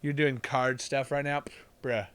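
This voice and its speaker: A man putting on a voice for his laid-back, slangy male house cat, speaking in a lower, quieter, dismissive drawl. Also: level tone, measured pace, clean tone, no room sound, lightly acted.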